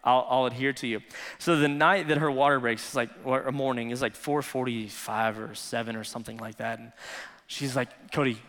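A man's voice: medium pitch, fairly even intonation, moderate pace, a bit bright, big-room sound. A man preaching a sermon as pastor, telling stories in a casual, conversational way full of "like". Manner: conversational storytelling, frequent "like".

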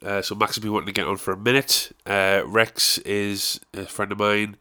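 A young man with a fairly low voice opens his podcast on his own in an easy, rambling way. He jokes about himself and wanders off on loose asides as he talks. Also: little pitch movement, moderate pace, sharp tone. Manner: rambling, self-deprecating, jokey. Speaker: podcast host. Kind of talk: casual solo podcast intro.

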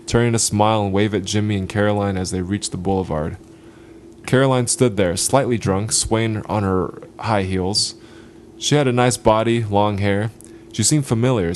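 A man reads a gritty short story aloud, taking his time over each line. His voice is fairly low and steady, with a deliberate, unhurried delivery. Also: a little hiss or hum. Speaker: podcast host.

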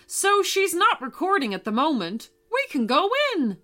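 A kindly skeleton welcomes lost children into a storybook house, as a woman narrator puts him on. The voice is bright and swings widely in pitch, taking its time with each reassuring line. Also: sing-song, normal speed, faint music behind, full character voice. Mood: cheerful. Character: friendly talking skeleton butler, male.

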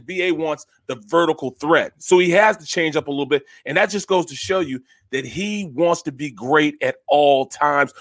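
A man's voice: on the high side, fairly bright tone, no echo, studio quality. A man co-hosting sports talk radio, emphatic and repetitive, often tagging lines with "man.". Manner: emphatic, repeats phrases, says "man" often.

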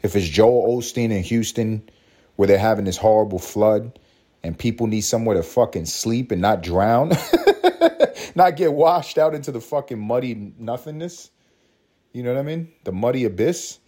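A man's voice: mid-range voice, expressive, normal speed, dark tone. A man hosting a podcast, ranting in a profane, mocking, storytelling way. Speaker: podcast host. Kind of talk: profane comedic rant.

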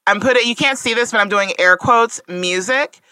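Bright-voiced playful woman co-host. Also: fairly high pitch, normal speed, no echo, low-quality recording. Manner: playful, teasing, laughs often. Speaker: podcast co-host. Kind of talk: casual chat.

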